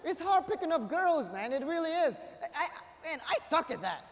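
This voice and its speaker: A young man performing a stand-up comedy set on stage, punchy and energetic, with bursts of shouting. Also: very high voice, moderate pace, very noisy. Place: live comedy stage before an audience. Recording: long hall reverb.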